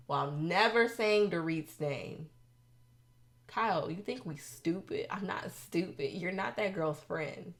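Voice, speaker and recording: A woman's voice: fairly low pitch, vocal fry. Sassy woman recapping reality TV. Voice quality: expressive, sassy, with quick asides. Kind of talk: casual video recap.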